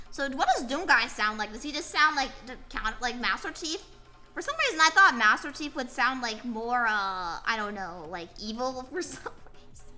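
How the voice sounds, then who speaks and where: A woman's voice: sits high, pushed and bright. A tired young woman streaming as a VTuber, chatting casually and rambling while she draws and answers her chat. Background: faint music playing.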